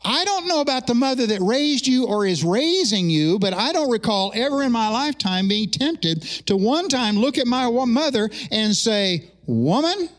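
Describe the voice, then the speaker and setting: A middle-aged male pastor with a notably high-pitched voice delivers a sermon in a church service. He speaks in an animated, conversational way, mixing earnest teaching with self-deprecating humorous asides. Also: normal speed, hardly any pauses. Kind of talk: sermon with opening prayer. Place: church sanctuary during a service.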